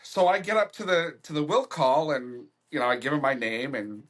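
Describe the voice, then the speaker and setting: A man's voice: a little high, normal speed, a bit bright. A man hosting a podcast, telling a story casually with plenty of loose fillers. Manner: loose, full of "like" and "you know" fillers. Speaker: podcast host.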